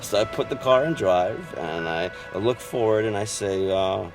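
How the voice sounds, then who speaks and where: A man with a voice on the low side delivers an unhurried dramatic film monologue over music. Playing a weary, wistful gay storyteller, he alternates fervent outbursts with hushed confessions.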